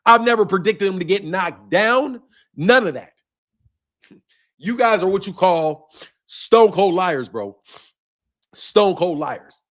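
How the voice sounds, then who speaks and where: Combative high-voiced male boxing streamer. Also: fairly bright tone. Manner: blunt, combative, profane, laughs often. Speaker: boxing channel host. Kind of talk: live stream chat with viewers.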